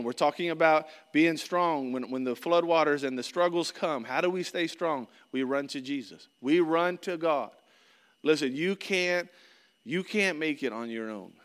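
Middle-aged man, pastor, plain earnest sermon delivery, slightly higher voice, long hall reverb. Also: fairly bright tone. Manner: earnest, conversational preaching with repeated phrases.

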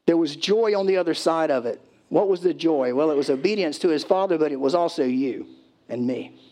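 A man's voice: on the high side, lively intonation, brisk, mellow. A male pastor preaching a sermon in a conversational way, with loose restarts and acted-out pleading voices.

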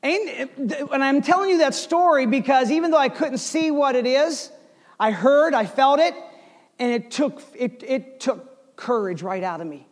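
A man in his forties preaches to his congregation, spinning a personal story that rises to loud bursts and drops to near whispers. His voice sits high for a man. The sound carries a long reverb, as in a large church hall. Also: a little slow. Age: 40s. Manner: storytelling with lively swings between loud and hushed. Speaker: pastor. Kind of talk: sermon.

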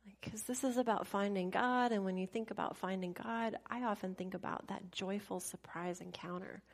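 A woman telling a travel story in a casual, animated way, laughing often, mimicking people and dropping into soft asides. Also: mid-range voice, moderate pace, gravelly.

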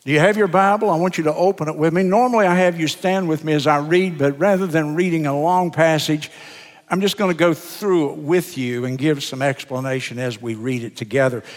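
Older preacher in a reverberant church. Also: male voice, a little high, fairly even intonation. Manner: earnest, deliberate preaching with drawn-out emphasis. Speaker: pastor. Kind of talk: sermon. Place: church sanctuary. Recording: sermon in a reverberant church sanctuary.

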